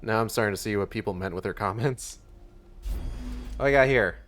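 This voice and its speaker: While streaming a game, this man offers sarcastic, casual commentary laced with swearing and reads the on-screen text out loud. He talks fairly quickly in a lowish, slightly bright voice, with long pauses.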